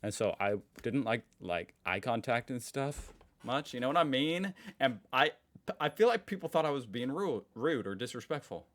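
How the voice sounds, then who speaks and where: A man's voice: medium pitch, moderate pace. A man hosting a reaction video, chatting casually and laughing at himself. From Southern United States. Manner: chatty, lively, self-deprecating with frequent laughs. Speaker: reaction channel host.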